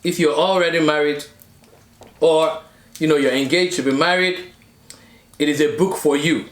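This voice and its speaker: A man's voice: on the high side, steady tone, normal speed, reverberant. A man in his thirties, a marriage coach co-hosting a casual mukbang chat, talking in an earnest, preachy way and checking in with viewers. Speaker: relationship and marriage coach, co-host.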